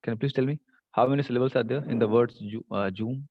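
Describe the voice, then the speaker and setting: A man's voice: medium pitch, fairly even intonation, quick pace, dry recording, dull audio. A man teaching an online English class, explaining patiently with many fillers. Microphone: computer mic on video call.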